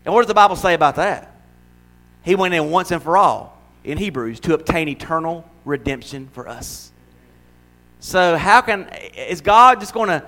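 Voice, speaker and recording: High-pitched guy preaching in church, lively, does little voices and cracks himself up. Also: moderate pace. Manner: animated preaching with acted-out voices and laughter. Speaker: pastor. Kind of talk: sermon.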